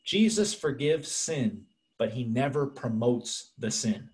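A man's voice: mid-range voice, lively intonation, slow, darkish tone. Earnest male pastor preaching. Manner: earnest, conversational preaching addressing listeners as friends. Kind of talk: sermon.

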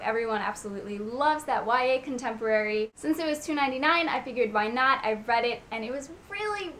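A woman's voice: on the high side, fairly bright tone, slight background noise. A young woman vlogging a casual monthly book wrap-up, upbeat and gushing about what she read. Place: home, Long Island.

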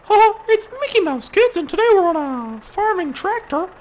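A cheery cartoon mouse greets the kids in a piercing, sing-song squeak, put on by a man. The voice leaps all over, bright and playful. A faint hiss sits under it. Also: very animated, normal speed, rough recording.

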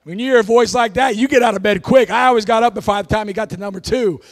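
A pastor preaching a folksy, emphatic sermon, often bursting into shouts. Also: male voice, high-pitched, quick pace.

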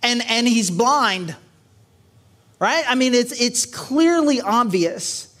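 A man with a notably high speaking voice delivers a church sermon in a relaxed, storytelling way. He talks casually, full of fillers and quick check-ins with the congregation. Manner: animated, casual, many fillers and "right?" tags. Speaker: pastor. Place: church service.

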